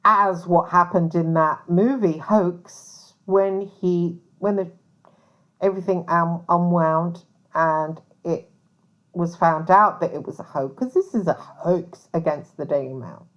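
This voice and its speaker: A woman's voice: lowish voice, slow pace, highs cut off. A woman who works as a private investigator, talking casually to camera in a rambling way full of asides. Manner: rambling, many fillers and asides.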